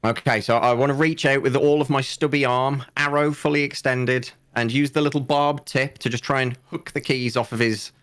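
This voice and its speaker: Guy playing d&d, kinda halting and unsure, mid voice. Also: mid-range voice, fairly even intonation, fairly bright tone, smooth. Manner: hesitant, halting, with fillers and restarts. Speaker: player. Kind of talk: casual tabletop game play.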